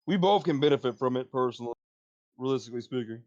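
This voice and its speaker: A woman's voice: extremely low pitch, fast, a little mellow. A woman playing a card game on stream, making laid-back, dry remarks. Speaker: co-player. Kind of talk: casual chat while gaming. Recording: dull lo-fi audio.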